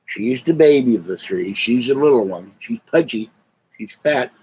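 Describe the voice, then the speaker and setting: A man's voice: medium pitch, lively intonation, moderate pace, husky, poor audio. Older man rambling on a live stream. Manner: rambling, talks softly to his cats. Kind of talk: casual live stream chat. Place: home.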